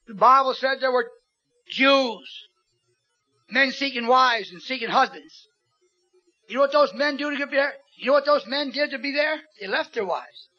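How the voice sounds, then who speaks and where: A man preaching a sermon, emphatic and repetitive, swinging from loud to soft. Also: very high-pitched, moderate pace. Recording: dull lo-fi sermon recording with faint music.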